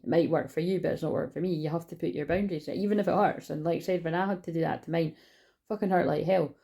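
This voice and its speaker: A woman's voice: low-pitched, steady tone, racing, vocal fry, warm tone. A young woman giving a casual, rambling tarot reading, chatty and swearing freely. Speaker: tarot reader.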